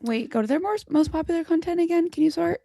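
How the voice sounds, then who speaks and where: Casual female co-host with vocal fry. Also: very high voice, fast talker, warm tone, dry recording, clean studio sound. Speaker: co-host reviewing channels. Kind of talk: live stream channel review.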